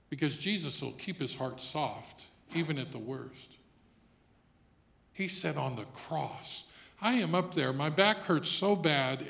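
A man's voice: mid-range voice, creaky. Man preaching a conversational sermon. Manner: conversational preaching, swings from quiet to loud emphatic. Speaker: pastor.

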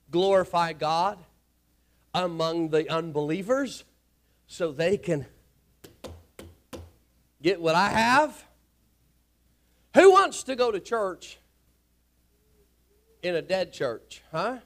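Rousing high-voiced preacher. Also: male voice, moderate pace, long pauses. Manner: folksy, shouting and rousing the congregation. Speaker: pastor. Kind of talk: sermon. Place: church sanctuary.

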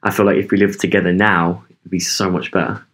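A man's voice: sits low, level tone, fast, fairly bright tone, slightly rough. A young man co-hosting a podcast in loose casual chat, rambling with lots of ums and swearing. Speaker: podcast co-host.

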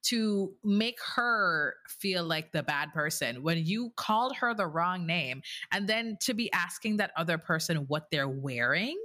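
Low, bright female co-host; casual, blunt, fired up. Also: measured pace, hardly any pauses. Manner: animated, blunt, swears freely. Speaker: podcast co-host. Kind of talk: casual chat.

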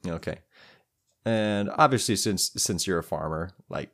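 A man's voice: deep voice, unhurried, fairly bright tone. A young man narrating as game master of a tabletop game, improvising loosely with lots of restarts.

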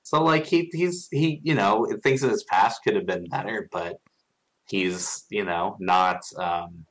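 A man with a fairly low voice chatting as a guest on a podcast. He thinks out loud, teases the others and pauses on fillers. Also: low-quality recording. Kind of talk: casual chat.

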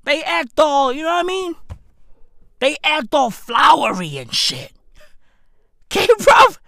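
A woman with delivering a profane comedic rant, swearing a lot and breaking into shouts. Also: high-pitched, very animated, unhurried, vocal fry, dry recording, clean studio sound. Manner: slang-heavy, swearing, bursts of shouting.

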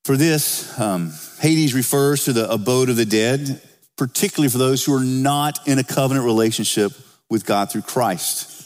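A man's voice: medium pitch, normal speed, in a large hall. A man preaching a sermon as pastor, talking to the congregation in a conversational way and lifting his voice when he reads scripture. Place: church sanctuary.

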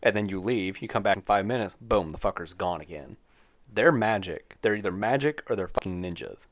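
A man's voice: on the low side, lively intonation, a little fast. A young man co-hosting a casual podcast, joking crudely and laughing often. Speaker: podcast co-host.

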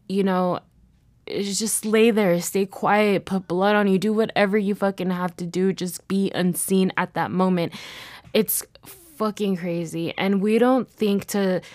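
A woman's voice: medium pitch, a little mellow, no room sound. A young woman hosting a solo podcast, speaking in a heated way, swearing often and restarting her sentences. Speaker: podcast host. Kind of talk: casual solo podcast monologue.

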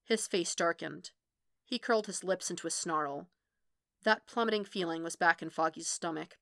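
Woman reading a fanfic audiobook, bright voice, expressive, dry close mic. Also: lowish voice, moderate pace, gravelly, no room sound. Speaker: podfic reader. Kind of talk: fan fiction audiobook narration.

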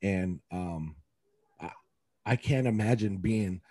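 A man's voice: deep voice, slow, a little mellow, slightly rough, no echo. A man, a youth coach, talking in a casual podcast chat, rambling and emotional with many fillers and restarts.

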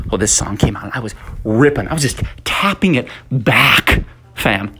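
A young man hosting his own podcast in an upbeat, excitable way, full of fillers and slightly out of breath from pacing. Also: mid-range voice, normal speed, slightly rough. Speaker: podcast host. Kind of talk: casual solo podcast monologue.

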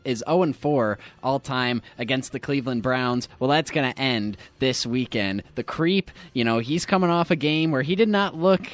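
A man's voice: medium pitch, moderate pace, few pauses. A man co-hosting a casual sports show, giving confident, trash-talking football picks. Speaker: co-host picking games.

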